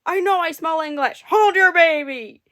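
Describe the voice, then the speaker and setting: A woman voicing a huge, angry male giant who roars his lines slowly and loudly. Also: mid-range voice, natural voice. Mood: roaring. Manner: roaring, slow and loud.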